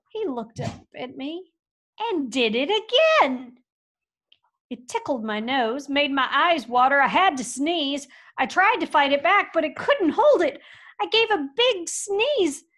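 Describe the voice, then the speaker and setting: Expressive woman reading a storybook aloud. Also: sits high, a little slow. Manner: folksy, expressive, swings from hushed to loud. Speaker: audiobook reader. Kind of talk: storybook narration.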